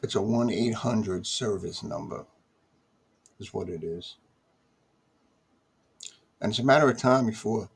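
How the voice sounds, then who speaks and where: Husky-voiced man, grumbling and fed up. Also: on the low side, measured pace, long pauses. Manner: exasperated, grumbling, repetitive complaints. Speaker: vlogger. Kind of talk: casual ranting video monologue.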